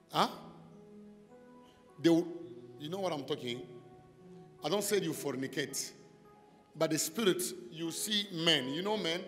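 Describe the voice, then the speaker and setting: A man's voice: sits high, big-room sound. A man preaching a deliverance sermon in broken English. He talks straight to one listener and keeps asking if she is with him. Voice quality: non-native English with broken grammar. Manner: preaching with sudden shouted calls and repeated questions to the listener. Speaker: pastor.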